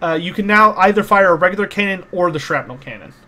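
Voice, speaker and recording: A man's voice: high-pitched, lively intonation, fast, bright, forceful tone. A man narrating a tabletop game as game master, explaining the rules patiently with many small hesitations.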